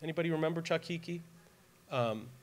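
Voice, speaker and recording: A man in his forties preaching a sermon as pastor, earnest and emphatic, dropping to a soft, tearful tone during personal stories. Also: fairly high pitch, fairly quick. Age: 40s. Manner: earnest, emphatic, grows quiet and tearful when telling a personal story. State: near tears at times.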